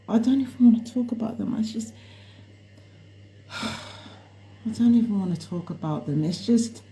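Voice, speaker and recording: Low-voiced woman ranting on a live stream. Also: warm tone. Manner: rambling, exasperated ranting. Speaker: tarot reader and vlogger. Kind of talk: casual live-stream monologue. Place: at home indoors.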